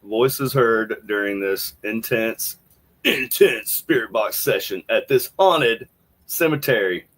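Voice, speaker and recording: A man's voice: fairly low pitch, slow, fairly bright tone. A man hosting a podcast, thinking aloud in casual commentary as he plays clips, rambling with restarts. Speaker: podcast host.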